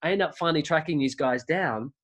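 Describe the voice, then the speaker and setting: Appearing as a guest in a relaxed interview chat, an Australian podcast creator with an Australian accent wanders through his stories with many restarts. His voice is fairly high and fairly bright in tone, and he talks fast.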